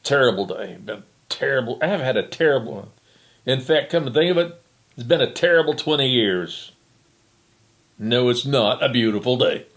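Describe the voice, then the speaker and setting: A man voicing a sour, complaining old woman in a told story, blunt and gruff. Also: medium pitch, expressive, normal speed, a bit bright, close to an everyday voice. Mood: grumbling.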